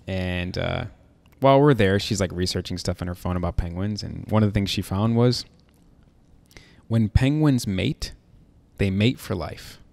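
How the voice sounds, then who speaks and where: A man's voice: sits low, moderate pace, creaky, a little mellow. A man hosting a podcast, telling personal stories openly and emotionally in casual talk full of fillers. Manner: open, emotional storytelling with many fillers. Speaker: podcast host. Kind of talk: casual heartfelt conversation.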